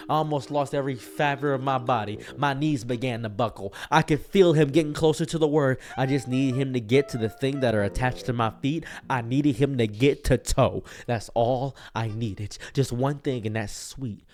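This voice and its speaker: A young man telling an absurd comic story in a deadpan, rambling way. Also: mid-range voice. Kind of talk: comedic storytelling.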